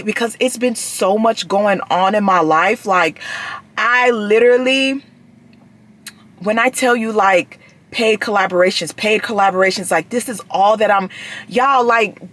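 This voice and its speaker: A woman's voice: a little high, a bit bright. A woman in her thirties, a vlogger chatting casually to her viewers, often addressing them as "y'all" and trailing off mid-thought. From United States. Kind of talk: casual vlog chat.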